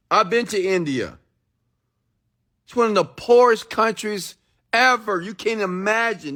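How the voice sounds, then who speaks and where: A motivational speaker with a high-sitting, sharp-toned voice delivers an emphatic, preachy monologue, blunt and swearing freely as he fires rhetorical questions at his listeners.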